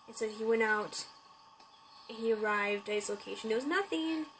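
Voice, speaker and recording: A woman with a slightly high voice improvising a story about caterpillars. She rambles and restarts her sentences, with a faint hiss in the background. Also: normal speed, fairly bright tone, rough recording.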